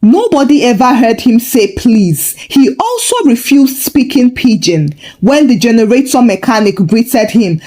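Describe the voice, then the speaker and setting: A woman storyteller narrating a folktale in a lively, expressive way. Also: a little high, measured pace, few pauses.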